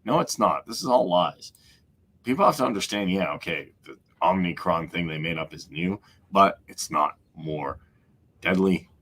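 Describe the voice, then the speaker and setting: Deep-voiced man ranting on a podcast. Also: normal speed, a bit bright. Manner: emphatic, repeats points, mocking asides. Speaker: podcast host. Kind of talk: opinionated podcast commentary.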